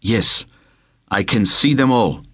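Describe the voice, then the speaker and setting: A man narrating an audiobook, voicing a starving, proud young man with a raspy voice and desperate outbursts. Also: fairly low pitch, takes it slowly, a bit bright.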